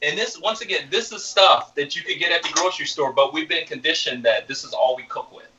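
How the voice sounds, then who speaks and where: A male executive chef walks viewers through a live cooking demo, relaxed and easy as he works. His voice is bright and forward. He sits a little back from the mic, so the sound is dull. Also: fairly high pitch, fairly quick, reverberant, distant mic. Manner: relaxed, explains while cooking.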